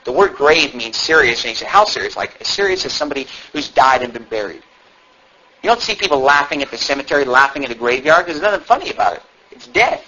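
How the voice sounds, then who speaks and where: A man preaching a sermon to his church, swinging from low asides to loud, fervent calls. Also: lively intonation, quick pace. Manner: shouts and climbs high when fervent, mocking asides. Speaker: pastor. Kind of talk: fiery sermon. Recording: dull low-fidelity church recording, faint hiss.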